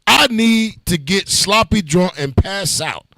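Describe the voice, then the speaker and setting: Male Bible class teacher, gravelly and lively, slightly high voice, dry close recording, blunt and joking delivery. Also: takes it slowly, no echo. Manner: animated, joking, blunt street talk. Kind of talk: preaching lesson with call and response.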